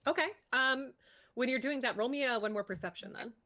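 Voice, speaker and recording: Woman, dungeon master, fairly high voice, casual laid-back narration. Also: brisk, pushed and bright. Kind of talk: narrating a tabletop game.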